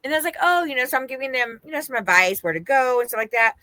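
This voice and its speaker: Woman from Las Vegas, animated storytelling, swooping pitch, bright tone, dry close sound. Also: fast, no echo. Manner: animated, laughing, quoting others in her story. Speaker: podcast co-host. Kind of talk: casual storytelling chat.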